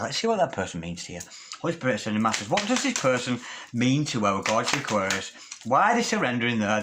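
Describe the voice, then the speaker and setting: A man's voice: mid-range voice, fairly bright tone. A man giving a tarot reading to camera, speaking intimately and calling the listener darling. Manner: intimate, calls the listener darling, dramatic asides. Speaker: tarot reader.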